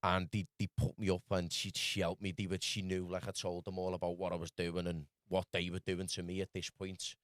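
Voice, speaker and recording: Fast-talking Scouse man, low voice. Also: level tone, a bit bright, no room sound, studio quality. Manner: rapid storytelling, calls the listener lad and bro. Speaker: podcast guest. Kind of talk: casual podcast chat.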